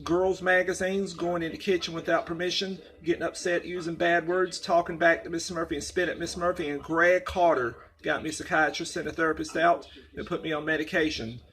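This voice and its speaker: Creaky-voiced man in a repetitive ramble. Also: fairly high pitch, steady tone, brisk, hardly any pauses, fairly bright tone. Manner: repetitive, circling retelling. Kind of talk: rambling spoken monologue.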